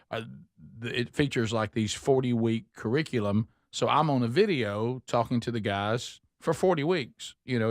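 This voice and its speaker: Man, talk show host, animated storyteller, stammers, dry close mic, mid pitch. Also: no room sound. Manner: storytelling, acts out quoted people, stammering restarts. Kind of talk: casual talk show banter.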